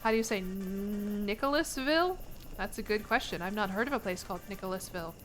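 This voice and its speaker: A woman's voice: medium pitch, expressive, a little fast, a bit bright, faint music behind. A young American woman streaming a game, chatting casually with her viewers in a playful, rambling way. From United States. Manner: rambling, playful, laughs between lines.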